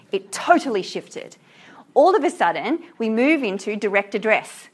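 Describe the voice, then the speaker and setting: A woman's voice: mid-range voice, slightly rough. Enthusiastic woman teacher lecturing on poetry. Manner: enthusiastic, reads verse aloud slowly, asks the class questions. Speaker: literature teacher. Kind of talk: classroom lecture on a poem.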